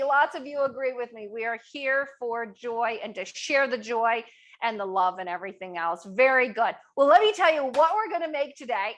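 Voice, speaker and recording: A woman's voice: fairly high pitch, fairly bright tone. A middle-aged woman hosting a live online cooking demo, upbeat and chatty, asking viewers to type answers in the chat. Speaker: cooking class host.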